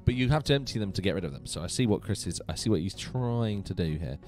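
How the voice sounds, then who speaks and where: A man hosting a casual gaming live stream from his home computer room, chatty and animated, laughing often. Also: low-pitched, quick pace, soft background music.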